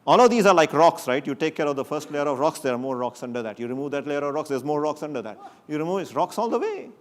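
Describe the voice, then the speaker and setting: A man giving a technical conference talk to an audience, lively and joking, often rising sharply for emphasis. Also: on the high side, quick pace. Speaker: conference speaker. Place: conference stage before an audience.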